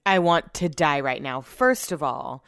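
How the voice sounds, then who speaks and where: A woman's voice: low voice, lively intonation, unhurried, creaky, fairly bright tone. A young woman hosting a casual solo podcast from home, rambling and chatty with lots of fillers and restarts. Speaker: podcast host. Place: home, upstairs room.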